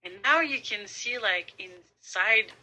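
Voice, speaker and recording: Slow, bright-voiced woman gushing about films. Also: mid-range voice, animated, rough recording. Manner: enthusiastic, repeats "and" and "like". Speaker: podcast co-host. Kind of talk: casual fan chat.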